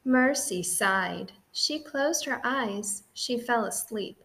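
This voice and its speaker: A woman narrating a children's audiobook in a gentle, clear and expressive way. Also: a little high, slow.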